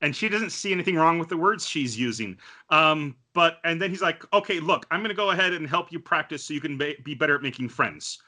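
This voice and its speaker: A man co-hosting a casual podcast, recapping an anime with lots of ums and quick acted-out quotes. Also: fairly high pitch, lively intonation, pushed and bright. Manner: chatty, many fillers, acts out quotes. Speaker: podcast co-host. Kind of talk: casual anime review chat.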